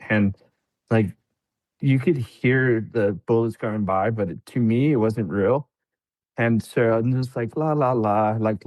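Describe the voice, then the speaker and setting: On a podcast, a veteran guest casually tells a story in a fairly low, darkish voice with no room sound. He's laid-back, laughs often, and acts out what people said.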